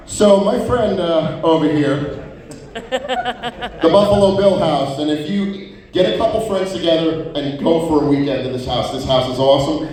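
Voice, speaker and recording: A man's voice: fairly high pitch, normal speed, a little mellow. A man doing a stand-up comedy set, telling profane stories and acting out quotes in different voices. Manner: profane storytelling with many acted-out quotes. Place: live comedy venue. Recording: roomy venue sound from far off.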